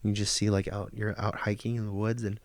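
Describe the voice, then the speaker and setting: A man in his thirties hosting a podcast, delivering a profane comic monologue that swings from hushed nature-documentary whispers to loud rants. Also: fairly low pitch, flat delivery, a little fast, no room sound. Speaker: podcast host. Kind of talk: comedic monologue.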